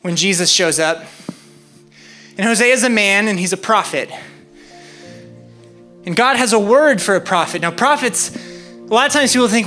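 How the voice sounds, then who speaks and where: A man's voice: sits high, lively intonation, moderate pace, long pauses, bright, forceful tone, soft background music. A young man preaching to children, out of breath and talking in jokey, laughing asides. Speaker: youth preacher. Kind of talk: energetic kids' sermon.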